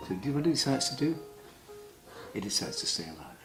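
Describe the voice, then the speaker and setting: A man with a clipped British RP accent, a stage actor in an archival interview clip, explaining verse and reciting lines theatrically, swinging from loud to hushed. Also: low voice, big pitch swings, fast, music in the background, low-quality recording.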